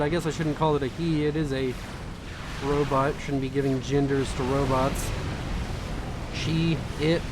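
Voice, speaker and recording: A tired young man casts a strategy game in quick, chatty, self-mocking commentary. His voice sits a little high for a man. A faint hiss runs under the recording. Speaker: game caster.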